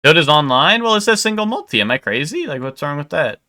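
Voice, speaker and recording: Streamer guy with a bright voice, rambling and swearing at chat, lots of likes and ums. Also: fairly high pitch, very animated, fast talker. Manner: rambling, full of "like" and "um", swears casually. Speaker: live streamer. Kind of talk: casual live-stream chat with viewers.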